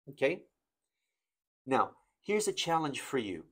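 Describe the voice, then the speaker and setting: A man teaching an English grammar lesson, explaining slowly and reading example sentences with exaggerated intonation. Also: a little high, sing-song, breathy edge.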